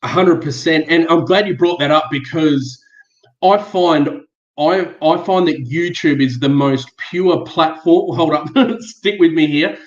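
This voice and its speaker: A man's voice: fairly high pitch, unhurried. An Australian man guesting on a casual live-stream chat, earnest and blunt with plenty of swearing. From Western Australia. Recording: echoey dull video call.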